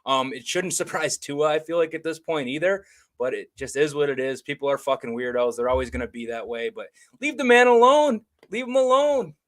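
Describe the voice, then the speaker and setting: A man's voice: medium pitch, steady tone, brisk. A man co-hosting a casual sports podcast, bantering with profanity and frequent laughter. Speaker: podcast co-host.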